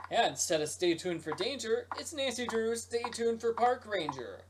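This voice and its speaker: A man's voice: extremely high pitch, big pitch swings, moderate pace, background noise. Playful man streaming a mystery game. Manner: playful, jokey, breaks into silly sung rhymes. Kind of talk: let's play commentary. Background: game music.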